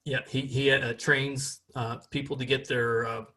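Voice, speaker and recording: A man's voice: medium pitch, flat delivery, unhurried, pushed and bright. Rambling American podcast host, man. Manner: rambling, frequent fillers and restarts. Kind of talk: casual chat.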